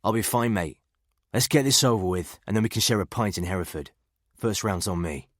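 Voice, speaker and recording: A man's voice: fairly low pitch, fairly quick, no echo, clean studio sound, lightly acted. A male narrator voicing a tough soldier who answers in short, clipped lines while defusing a bomb. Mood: terse.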